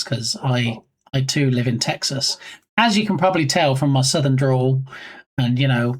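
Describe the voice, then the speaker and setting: A man streaming live and chatting casually with his viewers in a playful, teasing way. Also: mid-range voice. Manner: playful, jokey, teasing chat.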